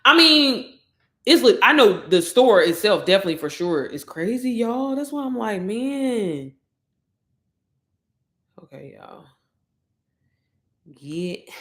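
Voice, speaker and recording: Chatty excitable woman, echoey room. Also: fairly high pitch, measured pace, pauses often. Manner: excitable, chatty, addresses viewers directly. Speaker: online course promoter. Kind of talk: casual livestream chat.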